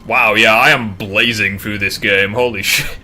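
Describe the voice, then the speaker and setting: Male gaming streamer, crisp bright tone, casual and jokey, faint room noise. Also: lowish voice, steady tone, normal speed. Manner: joking, swears freely. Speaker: streamer host. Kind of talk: casual livestream chat while gaming.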